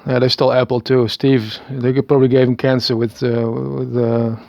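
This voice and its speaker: His voice is mid-range, gravelly and a little mellow, delivered flatly at normal speed. He's a Dutch man in his thirties from the Netherlands, a video maker with a Dutch accent, rambling hesitantly on a self-recorded monologue with stammered restarts and little chuckles. The lo-fi recording has no echo.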